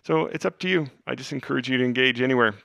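A man hosting a podcast, teaching the Bible in an earnest, conversational way, dropping to hushed tones for emphasis. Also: medium pitch, very fast, creaky, no room sound. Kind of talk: casual teaching talk.

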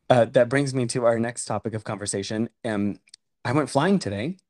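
A man's voice: medium pitch, moderate pace, darkish tone, dry recording. A man hosting a podcast in casual chat, playful and joking, often trailing off mid-sentence. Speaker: podcast host.

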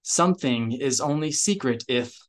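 A man reading aloud, voicing a blunt female reptilian warrior with a rasping voice, slightly lower and slower than his narration. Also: animated, natural voice. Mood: gruff.

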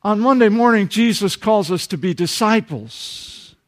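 Southern male pastor, high lively delivery, slow deliberate sermon, emphatic swings from loud to soft.

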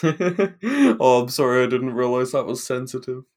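A man's voice: medium pitch, expressive, measured pace, darkish tone. A man co-hosting a podcast in casual chat, with dry, teasing humor. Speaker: podcast co-host.

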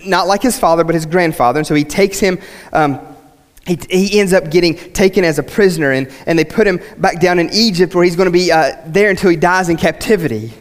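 A man preaching a sermon in a church with passion, swinging between loud and hushed and often saying "I mean.". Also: sits high, brisk. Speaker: pastor. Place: church sanctuary. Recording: long reverb of a church hall.

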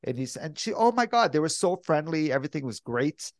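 A man's voice: fairly high pitch, sing-song, brisk, no echo. A man co-hosting a casual podcast, telling stories in a hesitant, self-doubting way. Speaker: podcast co-host. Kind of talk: casual chat.

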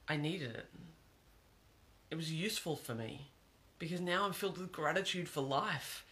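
A man's voice: on the high side, pushed and bright. A man giving an earnest, reflective monologue, repeating phrases for emphasis.

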